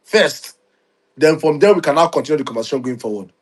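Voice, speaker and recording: A man's voice: on the high side, expressive, fast talker, husky. A man, co-hosting and giving urgent, instructive advice. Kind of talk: advisory talk.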